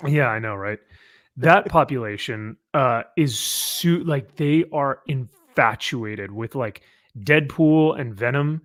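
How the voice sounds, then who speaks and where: A man hosting a casual panel chat about comics, animated and joking, from Southern California. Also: mid-range voice, slow, dry recording, studio quality. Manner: animated, mimics people with loud put-on voices. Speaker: podcast host.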